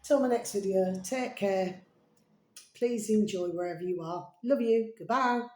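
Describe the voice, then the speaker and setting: Speaking unhurriedly in a mid-range voice with a darkish tone, a woman delivers a casual, meandering monologue to camera. She's fond and chatty, calls viewers "my delicious babies," and trails off often amid many fillers; the recording sounds roomy and echoey.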